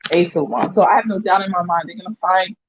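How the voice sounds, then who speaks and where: A man giving a casual tarot reading, halting and repeating words as he talks to viewers. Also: high voice, steady tone, husky, no echo. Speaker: tarot reader in a played clip. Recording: dull lo-fi dry clip.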